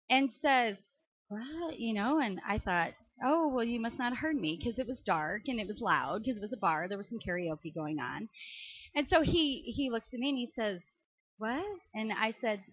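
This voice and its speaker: A woman from Indiana in her thirties, telling a comic story with animated delivery, laughing often and squealing high when surprised. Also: normal speed, no echo, highs cut off. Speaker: comedian. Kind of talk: comedic storytelling to a church audience.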